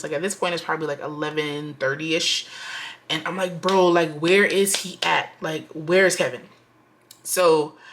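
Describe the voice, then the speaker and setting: A young woman tells a chatty storytime to her viewers, slangy and full of asides. Her voice sits a little low but comes out bright and forceful. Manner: animated, slangy, lots of "like" and "y'all". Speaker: budgeting vlogger.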